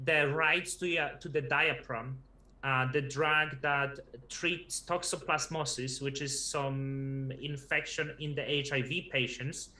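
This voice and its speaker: A man appearing as a guest on a casual livestream, talking in halting stretches and repeating words as he builds his sentences. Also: fairly high pitch, sharp tone. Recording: echoey room.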